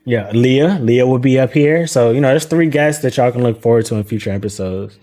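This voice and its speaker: A man's voice: mid-range voice, a little fast, mellow. A man hosting a casual livestream talk show, loose and laughing, with slang.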